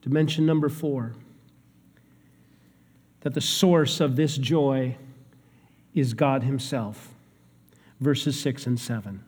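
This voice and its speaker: A man preaching a sermon, swinging between hushed, low lines and raised, emphatic ones. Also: slow, pauses often, husky. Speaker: pastor. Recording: long hall reverb.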